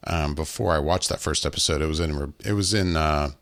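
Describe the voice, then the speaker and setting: A man's voice: rumbling low, a little fast, fairly bright tone. A man co-hosting a podcast, chatting casually and laughing through his points. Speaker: podcast co-host. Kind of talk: casual chat.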